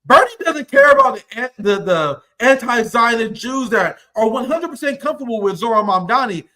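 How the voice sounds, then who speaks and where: A man's voice: very high voice, expressive, normal speed, bright, forceful tone. A young man giving heated, profane political commentary, combative and mocking as he reacts to clips.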